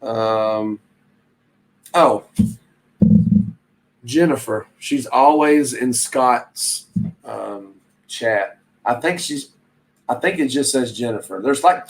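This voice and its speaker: A man's voice: medium pitch, low-quality recording. A man hosting a reselling channel, chatting casually and rambling while he reads viewer comments aloud. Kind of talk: casual live-stream chat.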